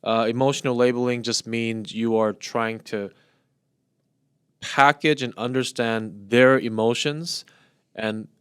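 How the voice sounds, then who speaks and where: A man's voice: medium pitch, steady tone, slow, a bit bright, clear, resonant tone, no room sound, clean studio sound. A man in his thirties co-hosting a podcast, explaining ideas in loose, restarting phrases. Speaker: podcast co-host. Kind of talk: casual podcast chat.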